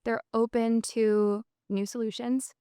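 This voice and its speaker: A woman with a Minnesota accent talks as an upbeat podcast guest, her fairly high voice smooth and resonant. She tells her story fluently, leaning on "um" and "and so" as she goes, in a dry, close-miked sound. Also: flat delivery, measured pace, warm tone, dry recording. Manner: upbeat, fluent storytelling with frequent 'um' and 'and so'. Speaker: podcast guest, business co-founder. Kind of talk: casual interview conversation.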